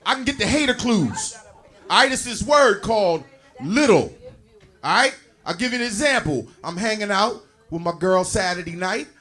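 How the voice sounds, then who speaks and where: A man in his forties doing a stand-up comedy set, animated and profane, playing off the crowd. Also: sits high, moderate pace. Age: 40s. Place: comedy club stage.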